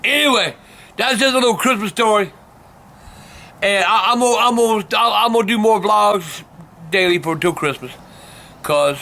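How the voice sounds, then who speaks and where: An older man telling profane stories that break into shouting rants. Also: high voice, moderate pace, pauses often, a little hiss or hum. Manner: cursing constantly, bursts into shouting. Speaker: vlog host telling stories. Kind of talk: profane storytelling rant.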